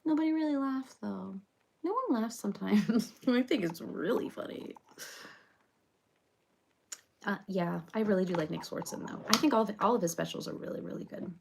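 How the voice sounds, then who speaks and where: A woman's voice: mid-range voice, normal speed, vocal fry, darkish tone, slight background noise, close to an everyday voice. A woman playing a rambling reality-show personality in a comedic parody monologue, chattering on with loads of fillers.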